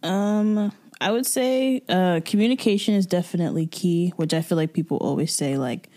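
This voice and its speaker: A woman's voice: fairly low pitch, moderate pace, warm tone. A woman co-hosting a casual podcast who tells stories in a chatty way with lots of fillers. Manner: storytelling, chatty, many fillers. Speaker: podcast co-host.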